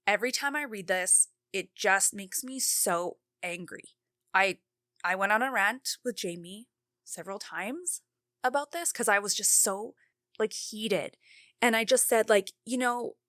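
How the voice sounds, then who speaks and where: A woman co-host in a casual true-crime chat, mid-pitched and worked up into an angry, cursing rant. Her breath sounds shaky from the adrenaline. The sound is dry and close, with no room in it. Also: a bit bright, no room sound. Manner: angry, heated, swearing rant. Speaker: podcast co-host.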